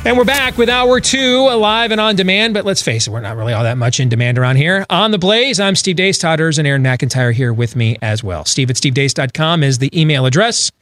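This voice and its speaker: A man's voice: a little high, lively intonation, brisk, hardly any pauses, fairly bright tone, soft background music. A man hosting a talk radio show, from Iowa, delivering wry, sarcastic asides between segments. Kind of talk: talk radio banter and monologue.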